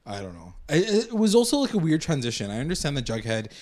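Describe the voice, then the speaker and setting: A man's voice: a little high, fast. A man in casual chat recapping a TV episode, laughing often and acting out characters' lines. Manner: animated, laughs often, acts out quotes.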